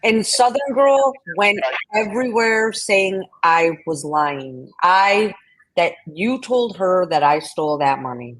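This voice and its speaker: A woman's voice: medium pitch, lively intonation, takes it slowly, poor audio. A woman hosting a livestream, angrily swearing and talking back to people in the chat. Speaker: livestream host. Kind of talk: heated livestream talk.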